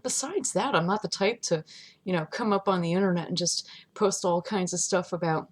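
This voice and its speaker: A woman vlogging from home in a casual, chatty rant, laughing often and swinging between loud outbursts and hushed asides. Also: lowish voice, normal speed, husky. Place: home, not in her studio.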